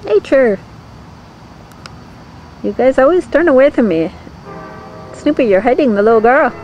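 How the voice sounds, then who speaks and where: A woman's voice: high-pitched, expressive, unhurried, darkish tone, lo-fi sound, a little hiss or hum. Woman cooing at her dogs in sing-song. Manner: coaxing, sing-song baby talk to dogs. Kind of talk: home video, talking to pets. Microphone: handheld camera mic.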